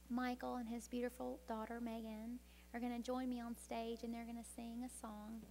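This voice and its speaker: A woman speaking from a stage at a women's event, telling a parable with dramatic pacing and hushed whispers, then urging listeners to change. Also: a little high, gravelly, slight background noise. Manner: dramatic storytelling, dropping to hushed whispers for tender moments. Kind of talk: inspirational talk with storytelling.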